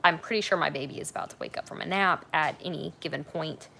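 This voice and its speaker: Gravelly-voiced young woman chatting on a livestream. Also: low-pitched, quick pace, bright, forceful tone, slight background noise. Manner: chatty, frank, rambling with fillers. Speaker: livestream host. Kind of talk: casual livestream chat. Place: at home on a couch.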